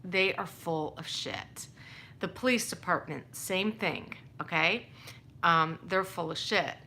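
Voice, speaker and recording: Woman venting about getting scammed, rambly and fed up, bright edgy voice, bit of hiss behind. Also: lowish voice, slow. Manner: exasperated, rambling, frequent restarts. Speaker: vlogger telling a personal story. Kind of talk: casual storytelling to camera.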